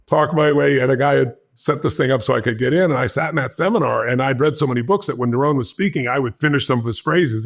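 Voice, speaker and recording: A man telling a personal story in an animated, intense way, acting out the voices of the people in it. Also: medium pitch, gravelly, slightly rough. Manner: fast, intense, acts out the dialogue in his anecdotes. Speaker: motivational speaker.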